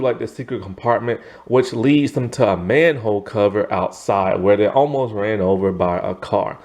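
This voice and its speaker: A man's voice: on the low side, a little mellow. A man recapping a story in a casual, rambling way, filling his talk with "like" and "you know" and often chuckling. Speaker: reviewer.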